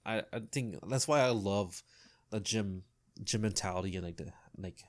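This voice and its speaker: Laid-back low-voiced man chatting. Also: normal speed. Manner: laid-back, loose, with many fillers. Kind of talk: casual chat.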